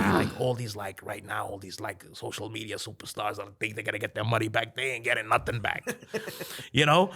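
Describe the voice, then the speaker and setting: A man, a podcast guest, telling a story in an animated way, dropping to a hushed whisper for quoted lines and laughing as he goes. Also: fairly low pitch, creaky, breathy edge.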